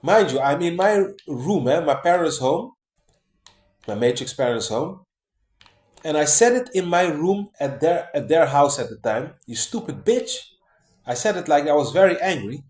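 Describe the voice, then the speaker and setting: A man's voice: a little high, expressive, moderate pace, darkish tone. Rambling man, echoey room. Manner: rambling, many fillers and restarts, keeps saying man and guys. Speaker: vlogger. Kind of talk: casual monologue to camera.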